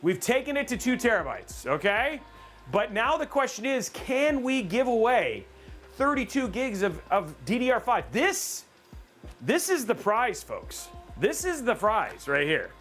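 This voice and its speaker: A man hosting a casual livestream, rambling and excitable, joking about himself. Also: very high voice, unhurried, soft background music. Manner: excitable, rambling, self-mocking. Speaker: livestream host.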